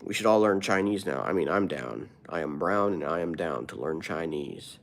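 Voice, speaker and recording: A male comedian chatting casually with viewers on a live stream, playful and riffing in quick rhymes. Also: low voice, lively intonation, creaky.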